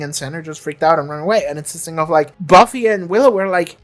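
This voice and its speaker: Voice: mid-range voice, quick pace, hardly any pauses. A reaction video creator in casual commentary, chatty and swearing freely, now and then acting out characters' lines.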